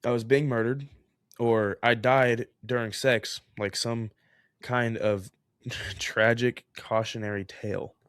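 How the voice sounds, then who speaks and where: A young man co-hosts a podcast, telling a story with lively energy and breaking into laughter often. His voice sits at a middle pitch and is recorded close and dry, with no room around it. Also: slow, smooth, no echo. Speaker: podcast co-host. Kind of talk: casual chat, reading a story aloud.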